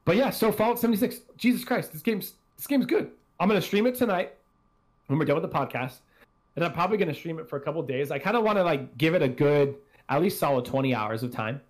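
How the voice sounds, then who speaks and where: A man's voice: a little high, fast talker. A man hosting a casual gaming podcast, rambling and swearing freely as he talks. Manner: rambling, profane, self-deprecating. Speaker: podcast host.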